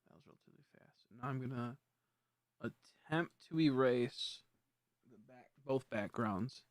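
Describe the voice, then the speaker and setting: Young male streamer, mid-pitch, dry close sound, rambling casual talk with frequent restarts. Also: unhurried, dry recording. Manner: rambling, self-correcting, easily frustrated. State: hiccups. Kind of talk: casual live-stream chat.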